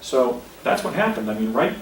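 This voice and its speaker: A man's voice: mid-range voice, sing-song, normal speed. Man in his 50s rambling thru a story outdoors, far from the mic, echoey. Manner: rambling, self-correcting, pointing things out. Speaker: speaker recounting an experience. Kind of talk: casual storytelling on location. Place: outdoors at a historic site. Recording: distant, echoey, faint outdoor noise.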